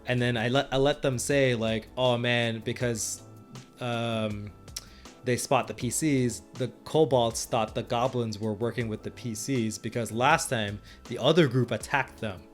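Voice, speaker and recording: A man's voice: mid-range voice, fairly even intonation, a little slow, faint music behind. A man co-hosting a podcast and retelling his tabletop game sessions as game master, rambling with frequent restarts and laughs. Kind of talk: casual chat.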